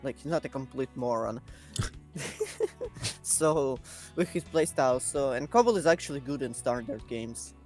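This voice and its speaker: A man's voice: medium pitch, expressive, moderate pace, a little mellow, soft background music. A man with phrasing, giving dry, teasing takes as a guest caster. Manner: dry teasing humor, non-native phrasing. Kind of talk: casual esports banter.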